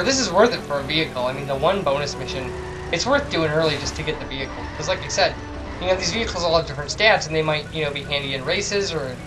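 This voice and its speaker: A man's voice: on the high side, poor audio. A man casually commentating a video game, rambling and joking at his own expense. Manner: rambling, self-deprecating, chatty asides. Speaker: let's play commentator. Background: game music.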